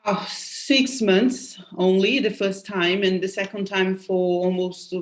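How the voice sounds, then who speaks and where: A woman's voice: medium pitch, steady tone, slow pace. A woman from Brazil, Portuguese by first language, speaking English with a Brazilian accent as host of a casual conversational interview, telling stories in a loose way with restarts. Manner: storytelling, loose and chatty with restarts.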